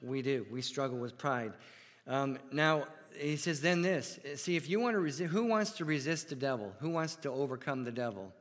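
A man preaching a sermon as pastor in a church, earnest and deliberate, asking his congregation rhetorical questions. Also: mid-range voice, big-room sound.

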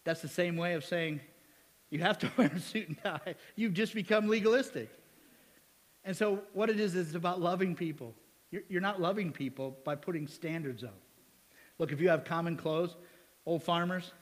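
In a church sanctuary, a male pastor with a slightly high voice preaches a sermon. He's joking and conversational, repeatedly asking the congregation questions, and the sound carries a big-room quality.

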